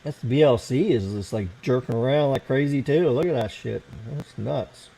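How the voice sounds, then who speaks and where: A man's voice: mid-range voice, moderate pace, gravelly, dark tone, rough recording. An American man hosting a casual late-night livestream, rambling and swearing as he fiddles with his computer. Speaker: livestream host.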